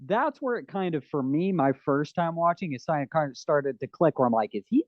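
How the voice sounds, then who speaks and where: A fairly high-voiced man co-hosts a casual podcast chat, full of gushing enthusiasm and acting out scenes in quick put-on voices. His voice sounds dry and close, with no room around it. The recording is a little dull and lo-fi. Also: expressive, no room sound. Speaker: podcast co-host.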